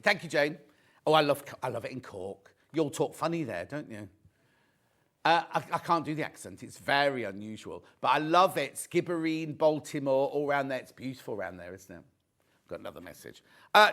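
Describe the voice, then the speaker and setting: A man's voice: on the high side, expressive, moderate pace, sharp tone. Chatty male shopping channel presenter. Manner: chatty, jokey, pushes deals, reads viewer messages. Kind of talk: live sales presentation. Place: TV studio.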